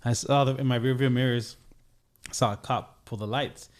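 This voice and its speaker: Casting: young adult man, podcast guest, mid-pitch voice, loose storyteller who keeps circling back with fillers. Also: fairly even intonation, normal speed. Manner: rambling, heavy on "like" and restarts. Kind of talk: casual storytelling.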